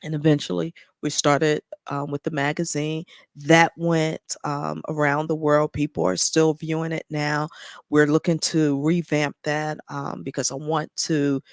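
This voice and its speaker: A woman's voice: low voice, flat delivery, unhurried, dry recording, clean studio sound. A woman guest on a podcast, telling a personal story in an earnest, heartfelt way with frequent ums. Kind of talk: casual interview chat.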